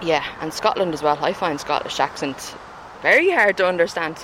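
A woman's voice: deep voice, lively intonation, moderate pace, background noise. A woman with a Dublin accent, chatting in a street interview and laughing often. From Ireland.

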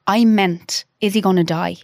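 A woman in her thirties, a podcast guest telling an emotional personal story. She talks haltingly, with restarts and quoted dialogue. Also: mid-range voice, steady tone, creaky, darkish tone, no echo, studio quality.

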